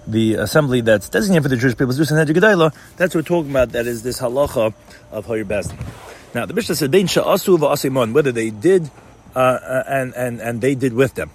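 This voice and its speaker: A man's voice: medium pitch, husky. A man explaining a Talmud passage in class, reading out terms and translating them, often repeating words as he goes. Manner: rapid, mixes Hebrew-Aramaic terms with English, frequent repeated words. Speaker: Talmud teacher.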